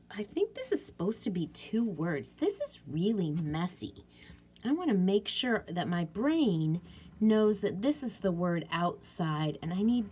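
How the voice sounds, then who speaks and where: A woman teacher walks young children through editing a story. Her voice swoops up and down in a lively, sing-song way, and she takes her time, talking slowly and patiently as she thinks aloud. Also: medium pitch. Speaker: elementary school teacher. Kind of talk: classroom writing lesson for young children.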